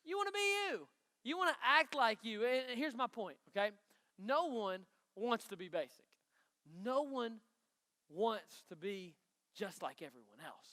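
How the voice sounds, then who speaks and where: High, bright East Tennessee country preacher. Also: male voice, animated, a little slow. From Knoxville, Tennessee. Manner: chatty, folksy, asks the crowd questions. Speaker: youth pastor. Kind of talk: youth sermon. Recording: long hall reverb.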